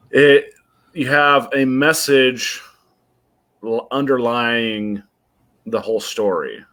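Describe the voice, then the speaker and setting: Low-voiced, deadpan podcast co-host man. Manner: dry, deadpan jokes; halting, thoughtful explanations. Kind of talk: casual chat.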